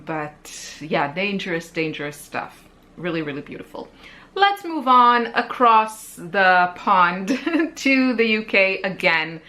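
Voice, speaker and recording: A woman's voice: lowish voice, sharp tone. A woman hosting her art channel, chatting casually and self-deprecatingly about gift shops for artists, laughing often. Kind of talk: casual chat.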